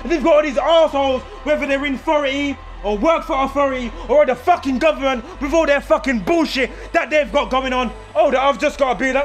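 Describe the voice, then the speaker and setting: A man's voice: very high voice, fast, hardly any pauses, soft background music. A man, ranting angrily and profanely to camera in a vlog, heated and sarcastic. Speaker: vlogger. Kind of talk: angry ranting monologue to camera.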